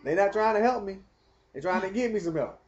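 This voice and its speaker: A man telling a rambling personal story in casual, animated talk. He speaks straight to the viewer and keeps asking whether they follow. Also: high voice, fairly quick, lo-fi sound. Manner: animated, talks straight to the viewer, keeps asking "you know what I mean". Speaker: vlogger telling his story.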